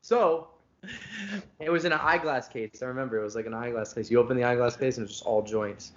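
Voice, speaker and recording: A man's voice: mid-range voice, fast talker, dull audio, slight background noise. A man hosting a podcast, telling a rambling, profane story in casual chat over a video call. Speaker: podcast host.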